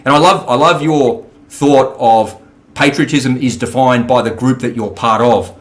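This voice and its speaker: A man's voice: mid-range voice, unhurried. An Australian man, a podcast guest, ranting angrily with heavy swearing. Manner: furious, profane, ranting. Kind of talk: angry podcast rant.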